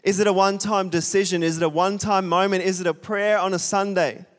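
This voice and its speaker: A man's voice: high voice, fairly even intonation, quick pace. A young man preaching a sermon, chatty and self-deprecating, often asking the congregation questions. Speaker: pastor. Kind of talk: sermon with a storytelling aside. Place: church hall with a congregation. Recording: long hall reverb.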